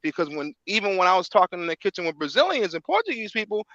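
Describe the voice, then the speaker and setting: A man's voice: high voice, sing-song, fast talker, pushed and bright, dry recording. Rambling man on a dull lo-fi line. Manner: rambling, filler-heavy, constant "like". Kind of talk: casual chat. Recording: dull lo-fi dry sound.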